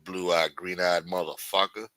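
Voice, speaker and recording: A man's voice: sits low, little pitch movement, measured pace, bright, forceful tone, no echo. A man playing a threatening, profane street hustler in improvised comic role-play. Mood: menacing. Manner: profane, taunting, streetwise swagger. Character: menacing male street hustler, adult, threatening.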